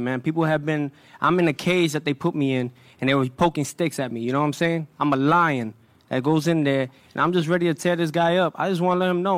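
A young man with a fairly high voice holds the floor at a boxing press conference. He is brash and swaggering, full of streetwise trash talk. The sound is close and dry. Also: no room sound.

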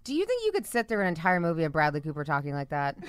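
A woman's voice: deep voice, wildly swooping pitch, clean tone, dry recording, faint music behind. A woman co-hosting a podcast, wry and emphatic in casual chat. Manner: wry, emphatic, quick to laugh. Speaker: podcast co-host.

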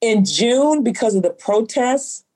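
A woman's voice: fairly high pitch, animated, unhurried, darkish tone. A woman who owns a bookstore, telling a story in an interview and acting out the voices of the people in it. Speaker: bookstore owner.

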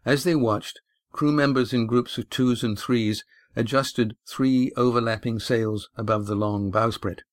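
A man narrating a sailing adventure audiobook in an even, steady reading. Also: mid-range voice, unhurried, no room sound, clean studio sound.

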